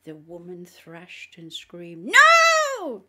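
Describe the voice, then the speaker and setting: A woman's voice: lowish voice, steady tone, background noise. Woman with a cold reading an audiobook. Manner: slow, deliberate reading. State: has a cold, coughing. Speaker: audiobook narrator.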